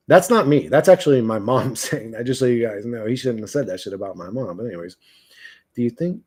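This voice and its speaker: A livestream host rants profanely and mockingly at his chat, reading it and laughing often. His medium-pitched voice is gravelly, slightly rough, and darkish in tone.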